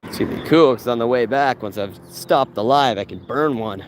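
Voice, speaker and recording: A man from Canada streams live while he strolls down a residential street outdoors. He jokes and talks straight to his viewers, loose and excitable, now and then bursting into higher, louder exclamations. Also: brisk, a little hiss or hum. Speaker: vlogger giving a filming-location walking tour. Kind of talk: casual live-stream walking tour.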